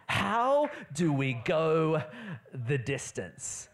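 A preacher giving a humorous, animated sermon to a live church audience, dropping to a quiet voice for emphasis. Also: mid-range voice, slow pace.

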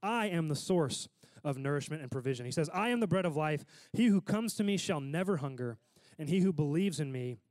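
A man's voice: a little high, a little mellow, no room sound. A man preaching a sermon in a casual, conversational way, often checking in with his listeners.

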